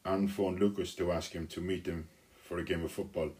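A man telling a children's story aloud, unhurried, with small restarts. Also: low-pitched, little pitch movement, a little mellow.

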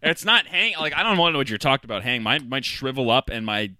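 Bright-voiced swearing podcast guy. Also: medium pitch, sing-song, brisk, dry recording, clean studio sound. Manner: profane, storytelling, laughing often. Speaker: podcast co-host. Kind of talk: casual chat.

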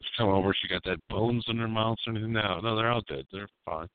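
A man's voice: fairly low pitch, fast, smooth, no room sound. A man hosting a live call-in radio show, talking in a rambling, crude and provocative way. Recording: dry tinny phone-like sound.

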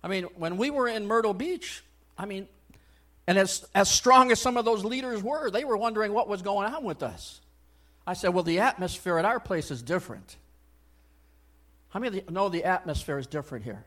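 A male pastor preaching a sermon in a church. He talks conversationally with many asides, swinging between loud exhortation and soft, hushed remarks. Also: high-pitched, expressive, brisk. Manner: conversational, frequent "I mean" and "you know".

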